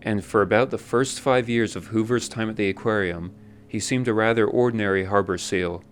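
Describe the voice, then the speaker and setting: A man narrating a scripted documentary in a measured, even storytelling manner. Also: on the low side, slight background noise.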